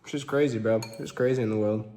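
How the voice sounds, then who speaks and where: A man's voice: lowish voice, fairly even intonation, quick pace, dark tone, a little hiss or hum. A young man in his twenties telling a story in a casual vlog, laid-back and rambling, with lots of fillers. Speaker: vlogger. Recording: roomy echo.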